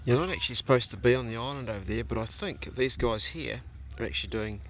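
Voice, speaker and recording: A homesteading vlogger with a New Zealand accent chats casually on a beach, talking fondly to his dog for his vlog. His voice is mid-range and fast, with a little hiss or hum in the recording.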